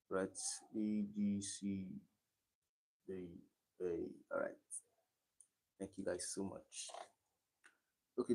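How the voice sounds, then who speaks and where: A man's voice: lowish voice, dark tone. A young Nigerian man tutoring exam questions on a live stream, explaining step by step and repeating key points. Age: young adult.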